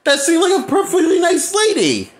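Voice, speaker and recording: A man giving a casual movie review, incredulous and animated, often repeating himself and laughing nervously. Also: very high voice. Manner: repeats himself, halting restarts. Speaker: movie critic.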